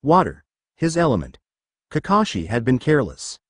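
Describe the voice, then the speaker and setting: A man's voice: medium pitch, very animated, normal speed, dry recording, clean studio sound. A man narrating a fan story in a dramatic, scripted reading.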